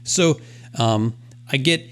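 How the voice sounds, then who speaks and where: A man co-hosting a podcast speaks slowly at a medium pitch. He chats casually through a self-deprecating story and acts out what he was thinking.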